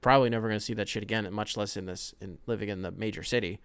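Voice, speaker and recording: Animated, profane man on a dry mic. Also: on the low side, very fast, smooth, dry recording. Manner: rambling, profane and animated, with sudden loud outbursts. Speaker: podcast host. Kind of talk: casual solo podcast monologue.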